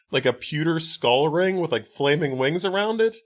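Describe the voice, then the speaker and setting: A man's voice: on the high side, expressive, measured pace. A man co-hosting a podcast, recapping a movie in casual chat with wry, profane asides and lots of fillers. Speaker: podcast co-host.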